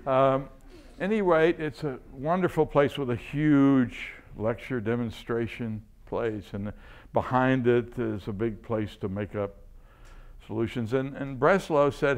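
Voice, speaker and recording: A man's voice: mid-range voice, unhurried. An older man, a chemistry professor, tells enthusiastic stories during a seminar and chuckles often. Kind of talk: anecdotal lecture.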